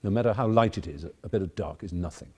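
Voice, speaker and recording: A man's voice: low-pitched, quick pace, darkish tone, breathy edge. A man in his fifties with an English accent, giving an erudite, wry, digressive speech to a debating society audience. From England. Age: 50s. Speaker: guest speaker.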